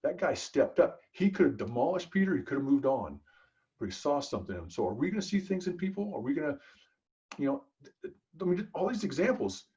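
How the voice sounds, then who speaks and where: A man holds forth as a podcast guest, swinging his voice up and down with lively, emphatic energy. He talks in a preachy, storytelling way, tossing in casual asides. The recording sounds a bit dull and muffled. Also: fairly high pitch, fast talker. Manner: emphatic, preachy, frequent "dude" and "right?". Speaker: podcast guest, business consultant. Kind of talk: animated conversational storytelling.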